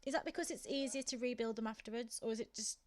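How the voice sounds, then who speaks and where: A woman's voice: fairly high pitch, fast talker. A young woman from England with a Black Country accent, chatting casually with viewers while streaming a game and laughing often. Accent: Black Country (West Midlands English). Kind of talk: casual chat while gaming.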